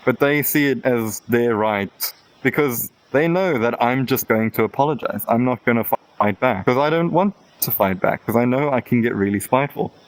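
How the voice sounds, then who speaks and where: A man's voice: medium pitch, normal speed, no echo, low-quality recording. Man, podcast guest, casual chat, rambling candid storytelling, mid-range voice. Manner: candid, rambling storytelling with quoted back-and-forth.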